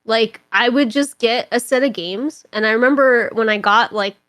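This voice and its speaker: A young woman from Toronto, a podcast guest telling stories in casual chat, animated and rambling, with constant filler words. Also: on the high side, moderate pace, dry recording. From Toronto, Canada.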